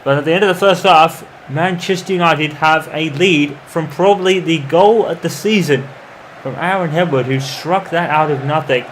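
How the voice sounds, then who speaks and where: A man commentating over his own football video game in the style of a match broadcaster, calm between plays and erupting into shouts when a goal goes in. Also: fairly high pitch, moderate pace, slight background noise. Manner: excitable, bursts into shouting on goals. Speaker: gamer doing mock football commentary. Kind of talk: playful imitation of match commentary over gameplay.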